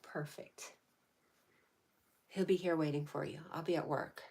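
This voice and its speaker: Low-voiced lady on a casual livestream, reading comments, gentle and encouraging. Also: fairly even intonation, quick pace, gravelly, slightly rough. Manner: gentle, affectionate, spiritually encouraging. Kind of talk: casual live-stream chat.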